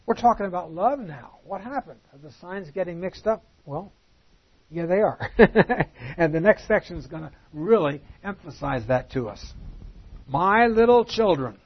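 A man teaching through a Bible passage in a conversational way, asking rhetorical questions and reading scripture slowly and deliberately. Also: sits high, expressive, slightly rough, lo-fi sound.

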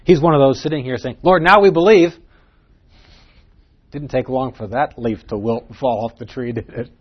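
A man's voice: medium pitch, a little fast, husky, highs cut off. A man teaching verse by verse through a Bible passage, earnest and emphatic, posing rhetorical questions to his listeners.

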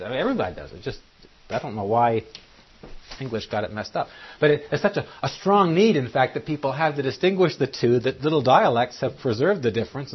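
A man's voice: medium pitch, a little hiss or hum. A man preaching a Bible-study sermon, teaching and putting questions to his listeners. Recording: muffled lo-fi recording.

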